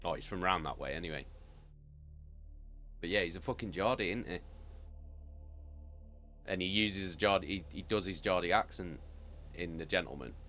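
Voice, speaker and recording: A man's voice: deep voice, moderate pace, long pauses, sharp tone, slight background noise. A British man chatting casually with viewers as a streamer, rambling and swearing freely. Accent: British English. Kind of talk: casual chat.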